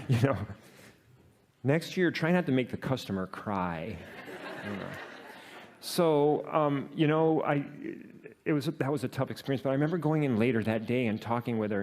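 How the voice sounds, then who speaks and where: A man's voice: medium pitch, a little mellow, a little hiss or hum. Man telling a story with many fillers. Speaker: presenter telling a work story. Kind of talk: storytelling talk to an audience.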